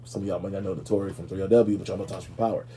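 A man with a husky, dark voice hosts a sassy comedy commentary show. He rants brashly and profanely, dishing gossip in a rolling, opinionated delivery. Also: low-pitched, steady tone, racing. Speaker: show host.

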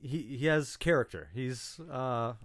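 A man's voice: medium pitch, unhurried. A man co-hosting a movie podcast in casual chat, talking hesitantly and often repeating his words. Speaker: podcast co-host.

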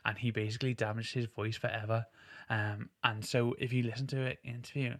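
Male podcast host, casual rambling chat, gravelly and flat delivery, dry sound. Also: mid-range voice, fairly quick, dry recording. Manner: enthusiastic, rambling with many "like"s.

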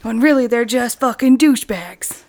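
Higher-voiced sarcastic woman in her thirties. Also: normal speed, a little mellow. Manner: sarcastic, profane quips. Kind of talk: casual crude chat.

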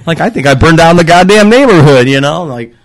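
Animated middle-aged man telling funny stories. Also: on the high side, a little fast. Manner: animated, swearing storyteller who acts out quotes loudly. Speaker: guest father. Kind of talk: casual storytelling chat.

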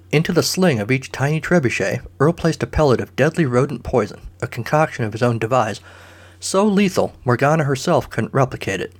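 A man narrating a comic story with dry, deadpan asides. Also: mid-range voice, fairly quick.

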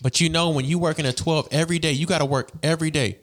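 A man's voice: on the high side, steady tone, quick pace. A young man in casual chat, explaining at length and insisting on finishing his point.

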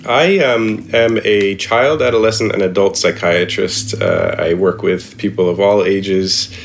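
A middle-aged man with a very low voice answers interview questions from his home office. He speaks hesitantly, filling pauses with ums and restarting his sentences as he thinks. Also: vocal fry, slight background noise. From Indianapolis. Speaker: psychiatrist and composer guest.

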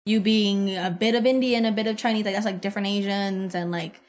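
A woman's voice: medium pitch, steady tone, fairly quick. A young woman guest on a podcast, chatting casually in a blunt way with heavy swearing. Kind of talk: casual chat.

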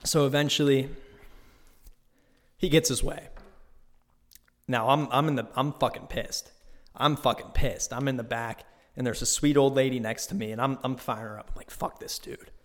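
Profane, animated man telling a story. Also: mid-range voice, normal speed, pauses often. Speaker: podcast host. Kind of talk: casual solo storytelling. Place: new unfurnished home studio. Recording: echoey bare room.

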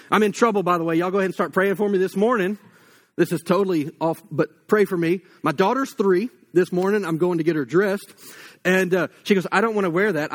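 A man, giving a casual, story-filled sermon full of fillers. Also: sits high. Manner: casual and anecdotal, many fillers like "like" and "you know". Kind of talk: conversational sermon.

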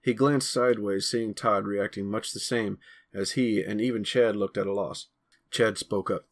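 A man narrating a chapter of his own novel in a measured, steady reading voice. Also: on the low side. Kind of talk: audiobook-style narration.

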